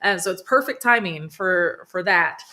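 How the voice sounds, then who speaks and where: A woman hosts a live gardening stream from home, talking in an eager, chatty way full of little fillers and laughter. Her voice is bright and forward. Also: on the low side, expressive, moderate pace. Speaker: gardening host. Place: home near a sunroom.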